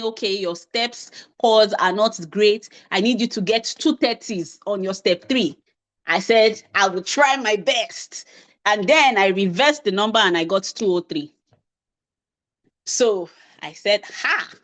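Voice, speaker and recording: A woman's voice: medium pitch, a bit bright. A woman giving a talk, telling a personal story in a chatty, self-deprecating way and acting out bits of dialogue. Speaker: invited speaker on medical residency.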